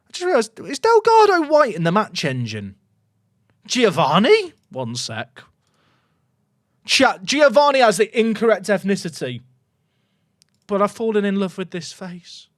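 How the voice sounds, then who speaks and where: A young man streaming a football management game, talking to his chat in an excitable, jokey way that swings from loud cheering to muttered asides. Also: high-pitched, a little slow, pauses often, no echo, studio quality. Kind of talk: live gameplay commentary to chat.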